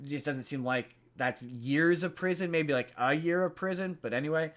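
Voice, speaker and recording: A man's voice: a little high, moderate pace, a bit bright. Rambling man retelling a movie. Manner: rambling, full of fillers and restarts. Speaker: podcast host. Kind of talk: casual chat, retelling a movie plot.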